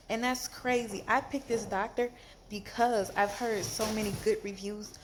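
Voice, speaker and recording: A woman telling a storytime vlog from a hospital bed after surgery, animated and exasperated, in pain. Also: fairly high pitch, moderate pace, noisy background. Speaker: vlogger.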